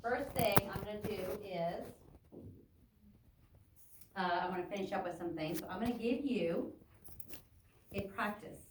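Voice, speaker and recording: A woman's voice: medium pitch, measured pace, long pauses, far from the mic, background noise. A woman teaching an adult English class, chatting loosely and interrupting herself as she explains grammar. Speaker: ESL teacher. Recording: echoey classroom taped from afar.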